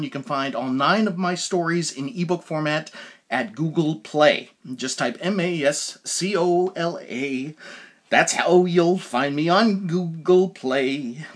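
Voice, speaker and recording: An earnest male podcast host with a slightly raised pitch, who reads his plugs and introductions slowly and carefully and then chats with his guest. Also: a bit bright. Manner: earnest, slow and careful when spelling things out. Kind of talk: podcast hosting.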